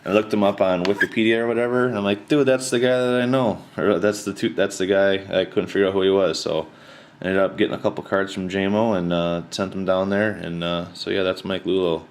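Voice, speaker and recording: A man with a notably deep, low voice talks loosely to his camera, drifting from point to point with lots of ums and slang. A faint hiss sits under the recording. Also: fairly quick. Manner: rambling, relaxed, slangy with many fillers. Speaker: card collector showing his mail returns. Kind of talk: casual chat to camera.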